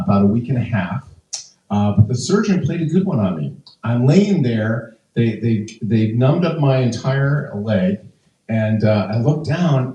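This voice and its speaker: A comedian in his fifties rambles through stand-up stories, chatty and full of fillers and restarts. He has a mid-range voice with a dark tone. The recording is muffled and echoey, with his voice coming from afar.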